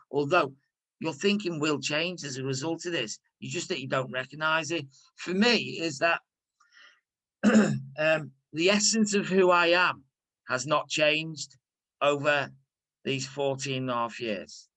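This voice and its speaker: A man's voice: on the high side, unhurried, pushed and bright, low-quality recording. A man with a Liverpool accent, leading a recovery workshop in a candid, conversational way with frequent restarts. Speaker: workshop leader.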